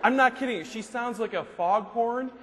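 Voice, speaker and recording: A man's voice: extremely high pitch, moderate pace. A man giving a humorous motivational speech, telling jokes and stories to a live audience in a large hall. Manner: joking, animated storyteller. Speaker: motivational speaker. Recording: long hall reverb, faint noise.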